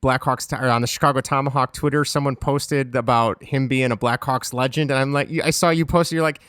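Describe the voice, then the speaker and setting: A man's voice: mid-range voice, steady tone, fairly quick, fairly bright tone, smooth, no echo, studio quality. A young man co-hosting a podcast, talking hockey in a rambling, casual way and correcting himself as he goes. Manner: rambling, self-correcting, chatty. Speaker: podcast co-host.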